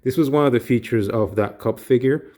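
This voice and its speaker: A man casually reviewing a collectible action figure, relaxed, with frequent ums and restarts. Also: mid-range voice, a little fast.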